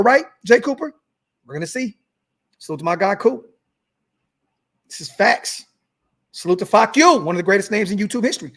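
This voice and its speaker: Fired-up young man with a high voice. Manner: fired-up, swears, repeats words, reads superchats aloud. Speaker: podcast host reading live chat. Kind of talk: animated sports talk livestream.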